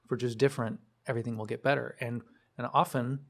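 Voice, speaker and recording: A man's voice: medium pitch, steady tone, fast talker, gravelly, fairly bright tone. A man guesting on a podcast who explains his ideas thoughtfully. He often circles back and restarts a sentence. His voice sits in a middle register. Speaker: podcast guest, group leader. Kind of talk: reflective podcast talk.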